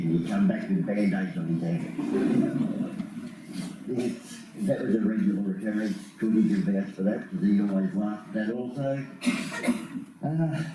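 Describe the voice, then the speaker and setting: A man with an Australian accent giving a plain-spoken, halting eulogy at a funeral. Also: fairly low pitch, warm tone, a little hiss or hum. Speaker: eulogy speaker. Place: function room. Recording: echoey hall from far off.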